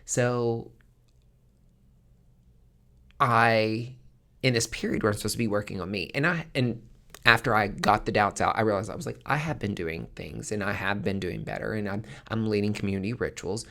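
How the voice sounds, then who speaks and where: Low-voiced frank male podcaster. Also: fairly quick, vocal fry, pushed and bright. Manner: frank, casual, swears freely. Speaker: podcast host. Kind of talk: candid podcast monologue.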